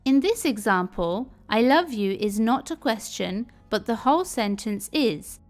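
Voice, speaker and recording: A woman giving a scripted English lesson, explaining each point clearly and carefully. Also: on the high side, lively intonation, unhurried, soft background music. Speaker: English teacher.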